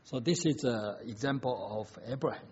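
A man's voice: medium pitch, moderate pace, darkish tone, slightly rough. A man preaching a sermon, emphatic and full of rhetorical questions, in slightly non-native phrasing. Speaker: pastor. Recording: dull lo-fi recording.

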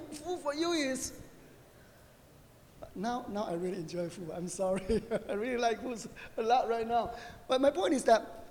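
A middle-aged man preaching a conversational sermon, animated and joking, often asking his listeners "right?". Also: sits high, slight background noise. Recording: long reverb of a hall.

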